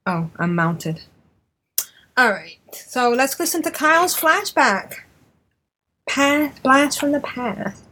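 A woman's voice: sits high, sing-song, slow, long pauses, sharp tone, husky. Chatty, giggly woman hosting. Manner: chatty, giggly, rambling with fillers. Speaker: podcast host. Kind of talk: casual chat.

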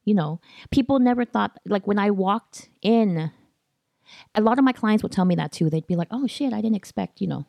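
A woman's voice: mid-range voice, moderate pace, creaky, dark tone, dry recording. A woman comedian chatting as a podcast guest, laughing often and telling stories with animation. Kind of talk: casual chat.

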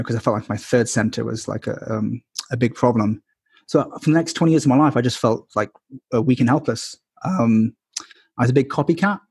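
A man's voice: mid-range voice, creaky, darkish tone, breathy edge, no echo, studio quality. A man in his twenties or thirties, a podcast guest, telling his life story candidly with many ums and likes. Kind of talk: casual storytelling interview.

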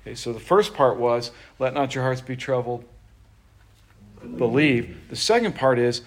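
A man's voice: mid-range voice, expressive, normal speed. A middle-aged man preaching a sermon in a conversational way, joking with the congregation and acting out quotes. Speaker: pastor.

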